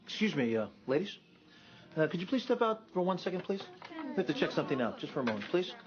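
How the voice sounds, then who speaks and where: A man's voice: high-pitched, big pitch swings, fast, highs cut off, over music. An actor playing a firm, pushy man who gives orders in a TV drama. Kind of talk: TV drama acting.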